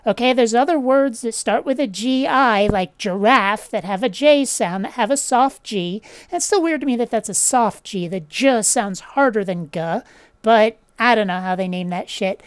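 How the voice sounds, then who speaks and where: A woman's voice: a little high, moderate pace, smooth, no room sound. A woman hosting a casual vlog, blunt and opinionated, swearing offhandedly as she talks. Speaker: channel host.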